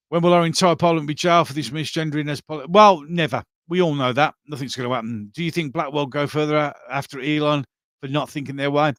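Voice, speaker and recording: A man's voice: mid-range voice, dry recording. Rambling male live-stream host, dry sound. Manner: rambling, with many fillers and restarts. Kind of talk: casual live chat reading viewer comments.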